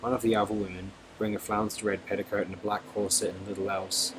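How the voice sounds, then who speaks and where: A man narrates a novel in a steady, expressive storytelling voice. His pitch sits on the low side, and a faint hiss of noise runs under the recording. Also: fast. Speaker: audiobook narrator. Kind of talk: audiobook narration.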